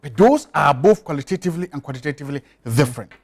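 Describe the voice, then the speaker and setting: A man's voice: a little high, expressive, quick pace. A man, a studio guest on a television talk show who makes his points emphatically and insistently, often repeating them.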